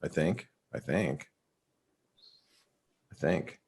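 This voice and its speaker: A low-pitched man talks through the markets in a loose, rambling way, often restarting his sentences and filling gaps with "um" and "you know". He sounds like he is on a video call mic. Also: animated, drawn-out words, gravelly, darkish tone, slightly rough. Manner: rambling, many restarts and fillers. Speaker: market analyst host. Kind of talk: casual webinar chat.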